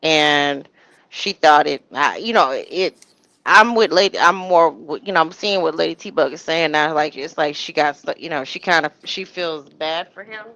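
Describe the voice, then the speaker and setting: Gravelly-voiced woman ranting on a livestream. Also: deep voice, normal speed, no room sound, poor audio. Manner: animated ranting with frequent restarts, mimics others. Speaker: livestream co-host. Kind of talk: casual gossip commentary.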